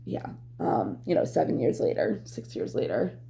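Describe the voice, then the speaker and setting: Gravelly-voiced woman rambling candidly. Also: extremely low pitch, very animated, moderate pace, warm tone, slight background noise. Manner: rambling, profane, full of fillers. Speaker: vlogger. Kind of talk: candid personal storytelling.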